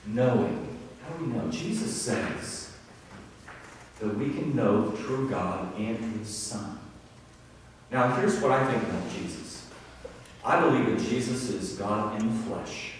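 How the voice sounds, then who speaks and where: A male pastor delivers a casual, storytelling sermon in a big church hall. His mid-pitched voice rings with long reverb, heard from a little way off the mic. He talks to the congregation in a friendly, joking way. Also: lively intonation, unhurried, far from the mic, slight background noise. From Ohio. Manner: conversational and self-deprecating, with acted-out quotes. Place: church sanctuary.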